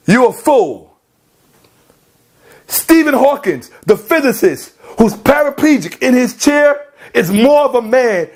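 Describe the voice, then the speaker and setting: A man with a strikingly high-pitched voice delivers a confrontational rant aimed at a rival. He scolds in slang-heavy street talk and keeps hammering his points with repeated questions. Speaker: online commentator. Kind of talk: heated rant addressed to a rival.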